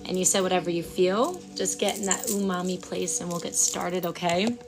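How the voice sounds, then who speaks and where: Chatty woman hosting an outdoor Reiki stream. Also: on the low side. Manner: chatty, reads viewers' names aloud and fumbles them; soft, slow guided breathing cues. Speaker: Reiki practitioner and stream host. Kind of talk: live-streamed Reiki session with chat. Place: outdoors at sunrise.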